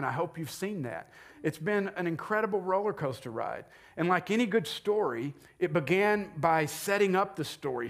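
A man delivers a sermon in a relaxed, conversational way, tossing questions out to the congregation and joking along with them. His voice sits fairly high for a man. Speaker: pastor.

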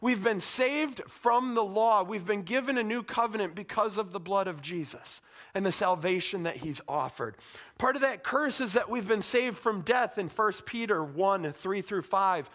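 A middle-aged man preaching a sermon in a conversational, animated way, with casual asides. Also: sits high. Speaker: pastor.

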